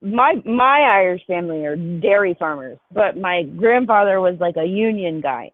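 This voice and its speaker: A woman's voice: lowish voice, lively intonation, moderate pace, few pauses, no room sound. A woman chatting candidly on a call, rambling and laughing easily. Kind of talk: casual chat. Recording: tinny phone-like call line.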